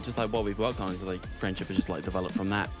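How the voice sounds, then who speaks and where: A woman's voice: extremely low pitch, fairly even intonation, rapid-fire, darkish tone, soft background music. A woman guest in a casual online chat, hesitant and rambling with many restarts. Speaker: guest musician.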